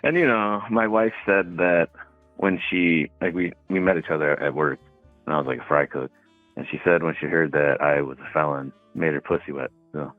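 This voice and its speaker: A very low-voiced man calling in over a thin, tinny phone line. He tells his stories in a laid-back, rambling way, full of "like" and "you know." The line sounds dry and close. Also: moderate pace, no room sound, soft background music. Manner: laid-back storytelling with fillers. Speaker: caller. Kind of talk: casual phone call.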